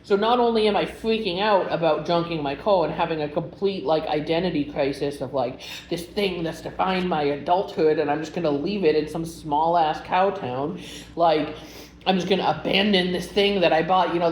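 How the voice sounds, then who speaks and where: A woman's voice: fairly low pitch, moderate pace. A young woman telling a personal story in a casual vlog, rambling and emotional, with many filler words. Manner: chatty, rambling, full of "like" fillers; emotional, animated retelling. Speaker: vlogger. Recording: roomy echo with faint background hum.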